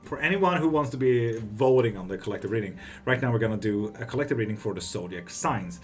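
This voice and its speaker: A man's voice: medium pitch, quick pace, faint music behind. A man hosting a live tarot stream, casually chatting, swearing freely and answering viewers' messages. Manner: relaxed, swears freely, greets and answers chat. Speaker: tarot reader and livestream host.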